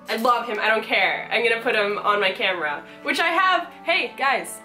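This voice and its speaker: A woman's voice: a little high, sing-song, normal speed, bright, forceful tone. A young woman chatting casually to camera as she opens fan mail, bubbly and gushing, laughing often. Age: young adult. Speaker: cosplay vlogger opening fan mail. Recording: roomy, distant mic, music behind.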